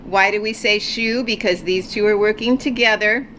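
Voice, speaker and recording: A woman's voice: mid-range voice, steady tone, normal speed, fairly bright tone. A woman teaching a beginner Hebrew alphabet lesson from a ministry office, getting viewers to repeat the sounds aloud after her. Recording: noisy background.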